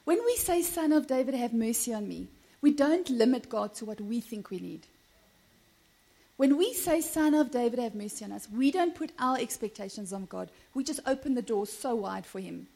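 A woman preaches with animated energy, her voice sitting high. She keeps calling out to the congregation for amens and breaks into laughter as she talks. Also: moderate pace, creaky. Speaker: pastor. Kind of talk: sermon.

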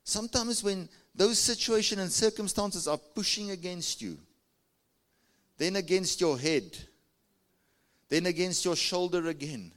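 A male pastor with a South African accent preaches at a measured pace, with lively intonation and a fairly bright tone. Swinging his pitch widely, he urges the congregation to answer and raise their hands.

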